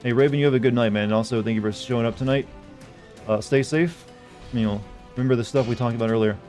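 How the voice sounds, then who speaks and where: A man's voice: medium pitch, quick pace, a little mellow. A man streaming a video game live, rambling casually with jokes and swearing. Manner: rambling, profane and joking. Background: faint game music.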